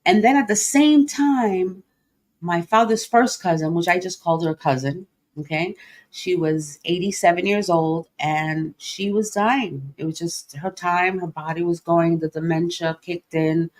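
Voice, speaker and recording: A woman's voice: on the low side, unhurried. Emotional middle-aged woman hosting livestream. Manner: open, emotional, many fillers and restarts. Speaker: podcast host. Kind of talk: personal livestream talk.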